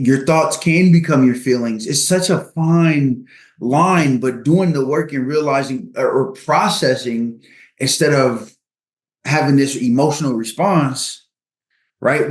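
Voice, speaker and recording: A man's voice: mid-range voice, a little slow, echoey room. A man guesting on a podcast, giving earnest advice on marriage and co-parenting, leaning on sports analogies.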